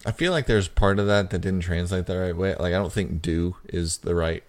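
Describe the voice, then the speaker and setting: A man's voice: low voice, a little fast, a little mellow. A man co-hosting a casual podcast, chatty and self-mocking. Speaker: podcast co-host. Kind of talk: casual chat.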